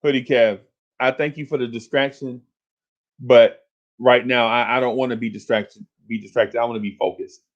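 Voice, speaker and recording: A man's voice: mid-range voice, steady tone, moderate pace. Exasperated man ranting on a lo-fi stream. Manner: exasperated, repetitive, rising to shouts. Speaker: sports talk livestream host. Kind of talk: ranting sports talk livestream. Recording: lo-fi stream audio.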